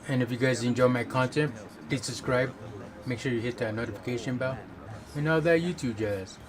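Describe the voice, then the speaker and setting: A man's voice: medium pitch, brisk, crowd noise. A male game streamer chatting casually with viewers, rambling and loose with lots of fillers and self-corrections. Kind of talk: casual chat.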